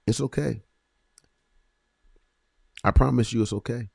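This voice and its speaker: A man hosting a faith podcast, speaking earnestly with repeated phrases and slow, emphatic pauses. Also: deep voice, darkish tone, dry recording, studio quality. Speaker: podcast host. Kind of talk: encouraging faith podcast talk.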